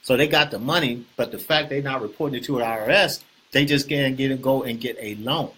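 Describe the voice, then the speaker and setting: A man hosting a casual real estate talk, animated and preachy, often repeating himself and asking the viewers questions. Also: mid-range voice, fairly quick, husky. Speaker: host.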